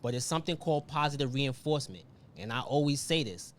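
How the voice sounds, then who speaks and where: A man's voice: mid-range voice, expressive, fast talker. A man hosting a podcast, making his case in a laid-back, slangy way. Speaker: podcast host. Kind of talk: casual opinionated chat.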